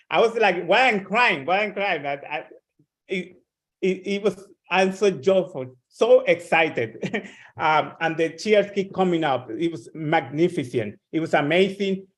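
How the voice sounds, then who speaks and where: Man, high voice, emotional, gushing, excited feedback. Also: measured pace. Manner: emotional, gushing, laughs between phrases. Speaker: webinar co-host.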